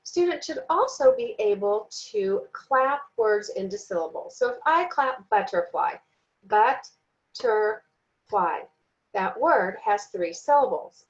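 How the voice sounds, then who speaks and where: A woman giving a recorded training lesson, speaking slowly and deliberately and sounding out words syllable by syllable. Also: fairly high pitch, lively intonation, lo-fi sound. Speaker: teacher trainer.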